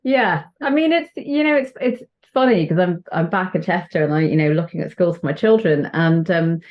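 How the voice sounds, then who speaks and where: A British HIV and sexual health doctor chats as a guest in a casual interview, speaking at a moderate pace with lively jumps in pitch. She's talkative, with lots of fillers and restarts, and the lo-fi audio sounds muffled.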